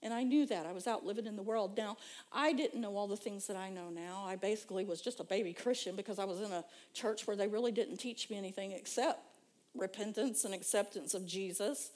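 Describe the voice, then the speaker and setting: A woman's voice: mid-range voice, a little fast. A woman preacher giving an emotional sermon testimony, telling her story emphatically and building to fervent exclamations.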